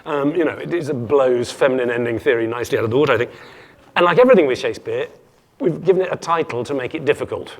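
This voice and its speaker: A man giving a humorous keynote lecture to an audience, playful and jokey, often stumbling and restarting his sentences. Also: medium pitch. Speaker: keynote speaker.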